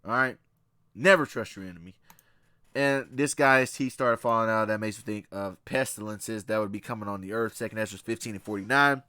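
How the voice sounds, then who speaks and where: A man's voice: lowish voice, fairly quick, sharp tone, clean tone, no room sound. A man giving a blunt, profane film commentary in a casual way, mixing in readings from scripture. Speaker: movie reviewer.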